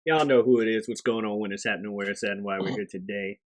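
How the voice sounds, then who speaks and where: A young man co-hosting a casual podcast, playful and hyped, drifting quieter as he talks. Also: on the low side, fairly even intonation, fast talker. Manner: playful, hyped, with mock-grand self-introduction. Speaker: podcast co-host. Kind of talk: casual chat.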